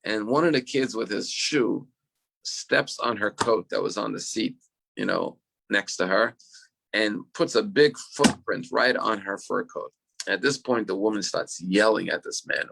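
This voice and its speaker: A man's voice: on the low side, moderate pace, vocal fry, fairly bright tone, breathy edge. A man teaching as a rabbi in an online class, telling stories earnestly and repeating words as he restarts.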